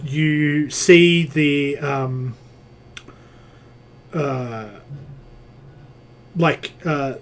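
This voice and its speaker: A man's voice: a little high, very slow, long pauses, a little hiss or hum. A man running a tabletop game as game master, hesitant and full of fillers as he works out dice math.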